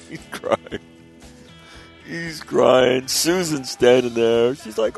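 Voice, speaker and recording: Deep-voiced man hosting talk radio. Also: moderate pace, gravelly, soft background music. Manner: animated, swears casually, acts out voices loudly. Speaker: radio show host. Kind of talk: casual talk radio storytelling.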